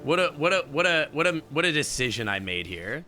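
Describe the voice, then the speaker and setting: Male streamer, bright voice, animated swings in pitch, casual banter, laughs easily, faint game music behind. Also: a little fast. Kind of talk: casual gaming chat.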